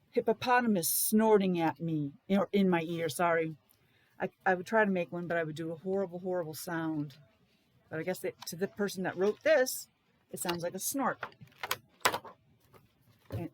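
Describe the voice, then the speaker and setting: A woman's voice: on the low side, no echo. Woman teacher sounding out letters. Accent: Rhode Island. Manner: sounds out letters slowly and repeats words in a sing-song way. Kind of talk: reading a picture book aloud to young children.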